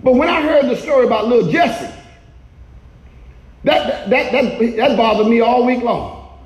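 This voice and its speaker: A male pastor preaching a sermon in a church, shouting often and calling for the congregation to respond. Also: very high-pitched, a little slow, reverberant, low-quality recording.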